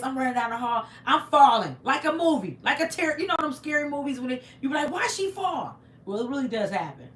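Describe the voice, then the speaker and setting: Lady live streaming, telling a wild story all dramatic, high voice, roomy echo. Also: slight background noise. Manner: animated, dramatic, reads viewer comments aloud; acts out screams and sound effects. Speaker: livestream host. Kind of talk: casual storytelling to a live chat.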